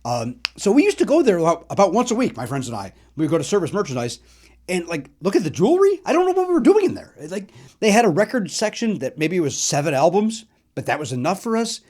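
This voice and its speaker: Middle-aged guy from chicago riffing on old records, kinda high voice, self-deprecating jokes. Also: wildly swooping pitch, fast talker, a little mellow. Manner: chatty, self-deprecating, sings snatches of songs. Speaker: podcast host. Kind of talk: casual comedic storytelling about records.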